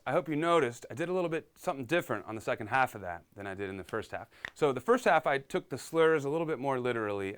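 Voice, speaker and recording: A man's voice: mid-range voice, fairly bright tone, clean tone. A man giving a live-streamed piano lesson, upbeat and chatty, reading viewer comments aloud and explaining as he goes. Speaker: piano teacher.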